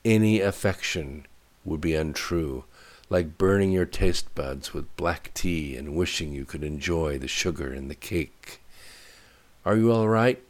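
A man reading a novel aloud as its narrator, in a steady, measured way. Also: rumbling low. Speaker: audiobook narrator. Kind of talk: scripted narration.

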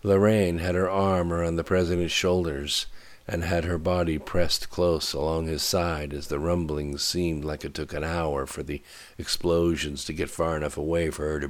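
Deep-voiced man narrating a novel. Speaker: audiobook narrator. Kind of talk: scripted narration.

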